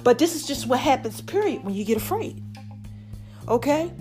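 A woman's voice: high-pitched, normal speed, faint music behind. A woman hosting a podcast, talking casually and with lots of animation to her listeners. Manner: chatty and animated, addresses listeners as "y'all" and "child". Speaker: podcast host. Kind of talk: casual motivational podcast talk.

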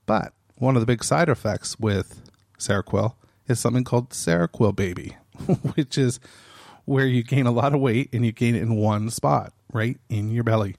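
A man's voice: medium pitch, normal speed, darkish tone, dry recording, clean studio sound. A man hosting his own podcast, talking casually and off the cuff, often laughing and restarting his phrases. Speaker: podcast host.

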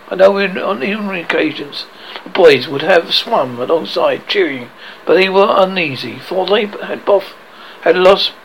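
Gravelly man reading a storybook. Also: on the high side, a bit bright, slight background noise, poor audio. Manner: reads with frequent stumbles and self-corrections. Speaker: audiobook reader. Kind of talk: storybook narration.

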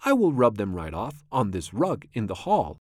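A man's voice: on the low side, wildly swooping pitch, moderate pace, a little mellow, no echo, clean studio sound. A man voicing a mischievous male cat in a hat in a storybook reading, coaxing and unbothered, often laughing off trouble. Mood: sly.

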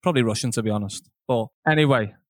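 A man's voice: mid-range voice, quick pace, no echo, studio quality. A young man telling a crude, laughing anecdote on a podcast recorded from home. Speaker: podcast co-host. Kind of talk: casual chat, storytelling.

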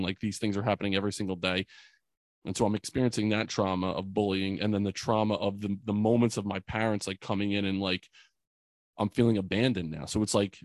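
A man's voice: lowish voice, a little mellow, no room sound, clean studio sound. A man in his forties, a podcast guest, telling a personal story in an earnest, emotional way, full of fillers. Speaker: podcast guest, youth mentor.

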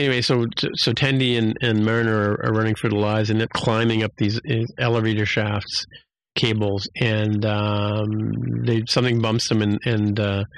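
A man's voice: on the low side, a bit bright, dry recording. A man hosting a podcast, casually recapping an episode with many fillers and restarts. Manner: rambling, many fillers and restarts, acts out quotes.

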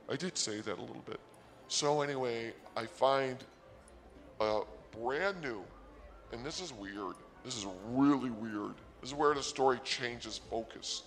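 A man doing a rambling, absurd comic story on the radio, excitable at times. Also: medium pitch, unhurried, in a large hall.

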